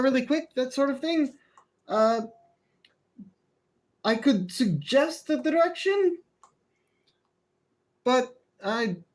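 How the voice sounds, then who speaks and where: A woman's voice: a little high, a little mellow. A woman playing a tabletop game, speaking casually and tentatively. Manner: tentative, hedging. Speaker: player.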